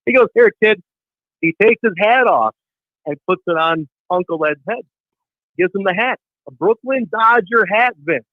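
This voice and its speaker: A man calling in to a talk show, telling a long story with animated acted-out voices. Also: sits high, moderate pace, no room sound. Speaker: caller. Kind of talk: phone-in storytelling. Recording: tinny phone line.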